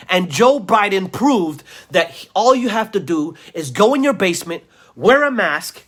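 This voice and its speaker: A man's voice: high-pitched, fairly bright tone. A man ranting in a video commentary, insulting his listeners, repeating himself and stammering through restarts. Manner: insulting, repetitive, heated rant. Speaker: vlogger.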